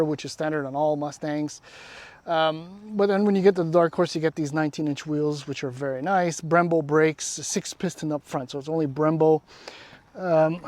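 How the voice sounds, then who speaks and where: A man's voice: fairly high pitch, mellow, dry recording. A man, casually walking around and reviewing a car outdoors, rambling and wry, often trailing off. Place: outdoors beside a parked car.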